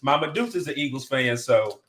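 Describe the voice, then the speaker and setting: A man's voice: mid-range voice, animated, brisk, fairly bright tone. A man co-hosting a casual sports chat, playful and emphatic. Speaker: podcast co-host.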